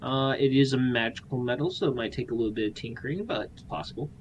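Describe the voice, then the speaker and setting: Calm male game master. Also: medium pitch, fast, a little hiss or hum. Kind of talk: running a tabletop game.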